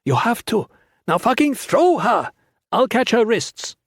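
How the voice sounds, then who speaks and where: A man voicing a blunt young woman soldier who shouts commands and curses in an audiobook. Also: on the high side, slow pace, husky, no echo, clean studio sound. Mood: shouting urgent. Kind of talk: audiobook character voice.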